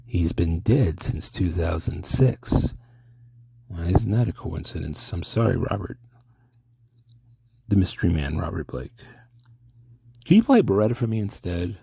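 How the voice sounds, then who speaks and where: A man rambles through an absurd comedy sketch, halting and mock-formal. His voice is low, gravelly and husky, and his pitch swings widely. The sound is dry and close. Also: big pitch swings, mellow, no room sound.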